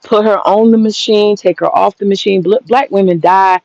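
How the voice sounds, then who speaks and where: A woman's voice: mid-range voice, fairly even intonation, normal speed, vocal fry, darkish tone, no echo. A woman in her thirties, ranting casually and profanely, answering a critic head-on in a combative way. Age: 30s. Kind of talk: heated casual rant. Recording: dull lo-fi sound.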